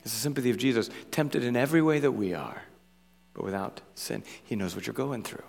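A man's voice: medium pitch, brisk, creaky, a little mellow. A man preaching as pastor, earnest and emphatic, repeating key phrases and checking in with his listeners. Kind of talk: sermon. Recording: long hall reverb.

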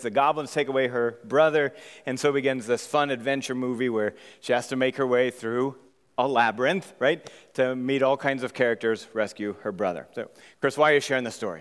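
Pastor preaching in a reverberant hall. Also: male voice, medium pitch. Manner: conversational, animated storytelling with rhetorical "right?". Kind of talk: sermon. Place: church sanctuary.

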